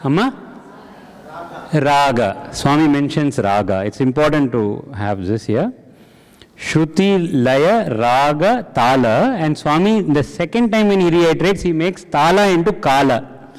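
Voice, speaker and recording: In a hall with an audience and long reverb, a man leads a satsang, an interactive spiritual group discussion. His voice sits on the high side, expressive and unhurried, and he quizzes listeners, repeating their answers back.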